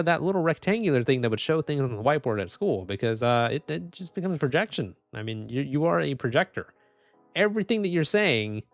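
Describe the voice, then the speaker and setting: A young man with a medium-pitched voice, recorded dry, is live-streaming and commenting casually as he reads posts. He laughs constantly, mocks what he reads, and keeps saying "dude."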